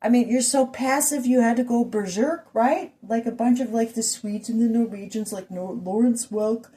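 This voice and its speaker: A woman's voice: fairly high pitch, moderate pace, dark tone. A woman ranting to her viewers in a rambling monologue full of rhetorical questions and asides. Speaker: vlogger.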